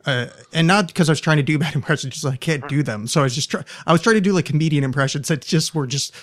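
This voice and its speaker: A man hosting a podcast in casual chat, self-deprecating, with lots of stumbling restarts and quick laughs. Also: a little high. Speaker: podcast host.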